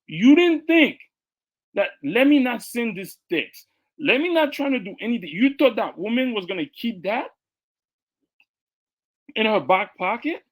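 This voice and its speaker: A man co-hosting a casual podcast, speaking with emphasis and repeating words as he builds his point. His delivery is loose, conversational and insistent. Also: sits high. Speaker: podcast co-host. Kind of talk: casual commentary.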